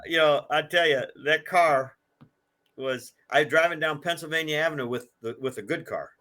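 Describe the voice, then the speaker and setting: An older man, a guest who collects a presidential car, rambles through anecdotes in a casual interview, acting out the voices of people he quotes. His voice sits on the high side, bright and forceful, at a normal speed.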